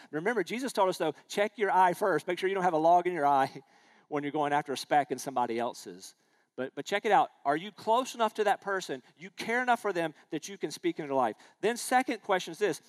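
A man's voice: sits high, expressive, fairly quick. A man, preaching a sermon in a conversational way, asking the congregation questions and telling personal stories. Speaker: pastor.

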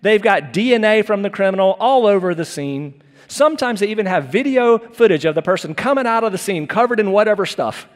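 A man's voice: high voice, animated, brisk, big-room sound. A man preaching an earnest, conversational sermon as pastor, often restarting his phrases.

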